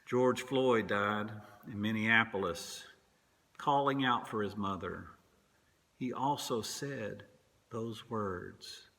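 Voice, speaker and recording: A man who is a minister, preaching a sermon in a slow, measured way with long pauses. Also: on the low side, pushed and bright. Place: church sanctuary.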